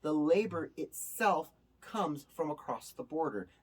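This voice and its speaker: A man's voice: fairly high pitch, measured pace, breathy edge. A male host giving casual spoken commentary to his viewers in an emphatic way, with a touch of sarcasm. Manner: animated, emphatic, sometimes sarcastic. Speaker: show host.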